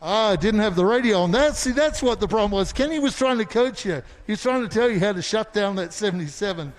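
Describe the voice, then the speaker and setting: A man's voice: sits high, expressive, a little fast, long reverb tail. A man working as a trackside reporter, interviewing drivers after a race in an enthusiastic, exclaiming way.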